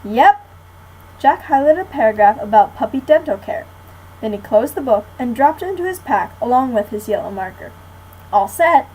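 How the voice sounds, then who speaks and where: A teenage girl reading a children's book aloud to a class in a friendly, clear way. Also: on the high side, lively intonation, fairly quick, mellow, low-quality recording. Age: teens. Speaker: guest reader.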